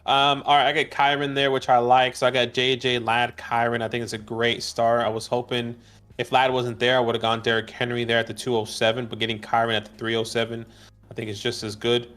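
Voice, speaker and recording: A man's voice: mid-range voice, little pitch movement, fairly quick, fairly bright tone. A man co-hosting a casual live stream, easygoing and teasing. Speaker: co-host of a fantasy football stream.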